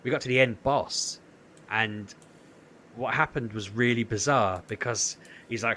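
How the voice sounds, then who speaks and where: A man's voice: medium pitch, fairly quick, a little hiss or hum. A man, co-hosting a podcast, telling a story in casual chat and acting out what people said. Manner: animated storytelling, acts out quotes. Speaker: podcast co-host.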